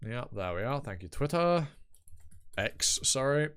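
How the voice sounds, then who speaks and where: A man's voice: medium pitch, big pitch swings, measured pace, fairly bright tone, smooth. A young man chatting casually on a live stream, rambling and self-mocking and swearing freely, his microphone set off to one side. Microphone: desk microphone, set off to one side.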